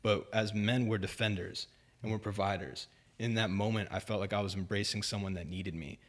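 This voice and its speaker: A man's voice: on the low side, fairly even intonation, a little fast. A young man, a podcast guest, telling a story in a casual, rambling way, full of "like" and "dude". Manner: rambling, filler-heavy, says "like" and "dude" often.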